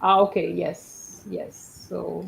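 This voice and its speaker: Slow, patient woman teaching French online. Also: on the low side, flat delivery, vocal fry, slight background noise, poor audio. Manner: patient, correcting students one by one. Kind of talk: live online lesson.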